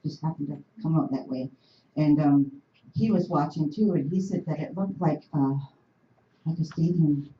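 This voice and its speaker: A woman from the Oneida Nation, telling an animated, emphatic story to an audience in a university room. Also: low voice, slight background noise. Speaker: panel speaker. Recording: roomy, dull room recording.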